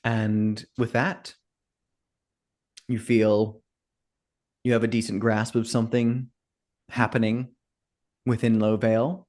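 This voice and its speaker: A man's voice: on the low side, little pitch movement, slow, pauses often, darkish tone. A man narrating a tabletop game as game master, in loose talk full of fillers.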